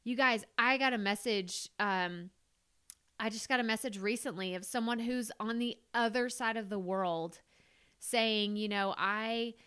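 A woman's voice: medium pitch, a little slow, fairly bright tone, smooth. A woman hosting her podcast in a heartfelt, chatty way, with many fillers. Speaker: podcast host and coach. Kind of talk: casual solo podcast talk.

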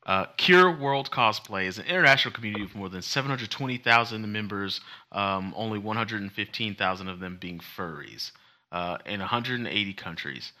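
Jokey man with a bright, low voice. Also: animated, a little fast. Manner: jokey, acts out little scenes in funny voices. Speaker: podcast co-host. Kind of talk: casual chat.

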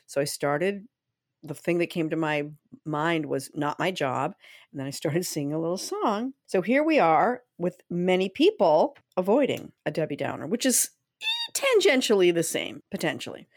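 Female co-host, animated storyteller, lower-pitched, dry close-miked sound. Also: moderate pace, no room sound. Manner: lively storyteller, acts out quotes and laughs easily. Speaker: podcast co-host. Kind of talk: casual chat.

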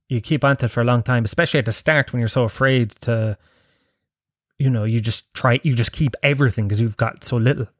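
A man's voice: medium pitch, dry recording, studio quality. A man, a stand-up comedian, telling a profane, self-mocking story in casual chat that builds to punchlines.

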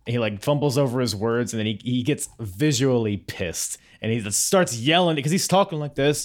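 A man's voice: mid-range voice, lively intonation, fast talker, hardly any pauses. A man hosting a casual podcast, recapping and telling stories with a chatty, laughing manner. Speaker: podcast host.

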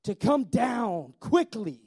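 A man preaching a sermon in a lively way, asking the congregation questions and slowing down to stress key words. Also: very high voice, husky. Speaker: pastor.

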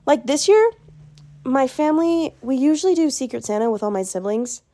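A woman's voice: sits high, lively intonation, normal speed, dark tone. Bubbly young woman chatting on a podcast. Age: young adult. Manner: bubbly, chatty, self-mocking. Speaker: podcast host. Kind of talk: casual solo podcast chat.

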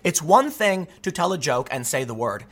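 A man's voice: fairly high pitch, very animated, normal speed, a bit bright. A man delivering a solo commentary monologue, arguing his point with rhetorical questions and frequent restarts. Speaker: political commentary host.

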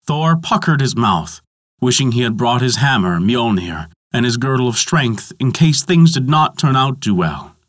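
A man narrating a mythology story in a measured, dramatic storytelling manner. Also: mid-range voice, very animated, a bit bright, dry recording, studio quality.

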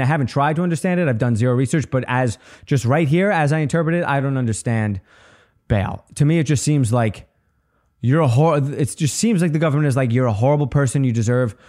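A man's voice: medium pitch, darkish tone. A man talking as a comedian and podcast host, in a casual ranting monologue that is profane, sarcastic and rambling, with many restarts.

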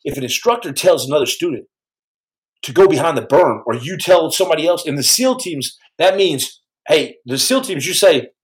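A man telling a story on his podcast in a casual, animated way, stumbling over restarts and acting out the quotes. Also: fairly high pitch, moderate pace, low-quality recording.

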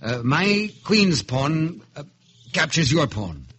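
A man's voice: fairly high pitch, sing-song, slow pace, a bit bright, slight background noise, exaggerated voice. An actor with an Irish accent playing a bumbling, hesitant dragoon captain in a 1950s radio drama, stammering as he talks.

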